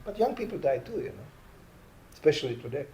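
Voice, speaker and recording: An older man from Czechoslovakia, giving a humorous sermon as a spiritual teacher, animated and acting out comic voices. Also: on the high side, quick pace. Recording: roomy hall echo.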